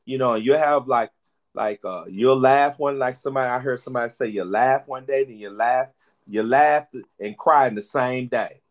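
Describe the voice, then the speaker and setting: A man preaching a sermon, lively and preacherly, repeating phrases for emphasis. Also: mid-range voice, normal speed.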